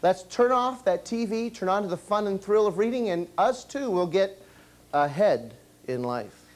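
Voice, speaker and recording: A man performing as a children's entertainer tells a comic story on stage, animatedly firing questions to quiz the kids. His voice sits high and he speaks at a moderate pace.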